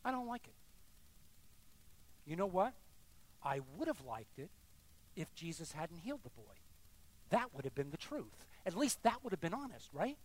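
A middle-aged male pastor preaching with a lively, wide-ranging pitch. He swings between hushed, confessional lines and loud, insistent repetition. His delivery is emphatic and direct. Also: moderate pace, pauses often. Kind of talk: sermon.

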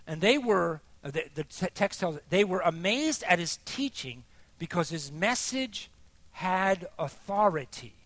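Male preacher, sermon, high lively voice, dry close sound. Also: dry recording. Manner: expressive, swings between soft and emphatic.

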